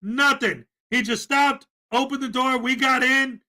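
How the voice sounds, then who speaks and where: A man's voice: extremely high pitch, fairly even intonation, unhurried, bright, forceful tone. A man telling a rambling story in casual podcast chat, full of fillers and asides.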